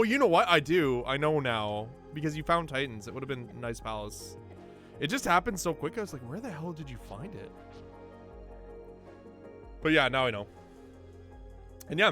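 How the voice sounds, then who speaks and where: Excitable man commentating a game race. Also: mid-range voice, brisk, faint music behind. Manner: excitable, laughs often, jumps to loud disbelief. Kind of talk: casual game commentary to chat.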